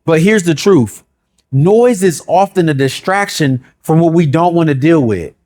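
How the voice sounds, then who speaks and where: A pastor preaching a sermon in rhythmic, repeated phrases and rhetorical questions, dropping to a low hush when he quotes God. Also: lively intonation, a little slow.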